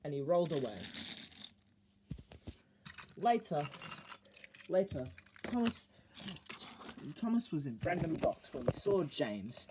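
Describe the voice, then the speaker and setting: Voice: medium pitch, sing-song, slow pace, pauses often, noisy background. A storyteller making up a story aloud, often stopping to restart lines. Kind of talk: improvised story narration.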